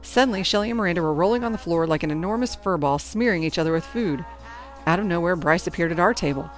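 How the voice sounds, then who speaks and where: A woman reading a first-person teen novel aloud in a lively storytelling manner. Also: lowish voice, quick pace, soft background music. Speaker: audiobook narrator.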